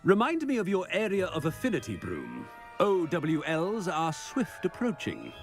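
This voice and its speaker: A vain, pompous headmaster in a video game, talking down to everyone in a high, hugely swinging voice. He is haughty and easily flustered, with faint game music behind him. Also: wildly swooping pitch, normal speed. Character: vain, pompous middle-aged male headmaster.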